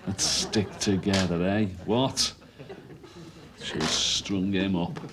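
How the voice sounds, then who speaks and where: An actor playing a resentful, drunken working-class bar owner in a TV drama. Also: male voice, low voice, slow. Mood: bitter. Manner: resentful, sneering, shouting at night. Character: bitter drunken middle-aged working-class barman. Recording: hissy old TV recording.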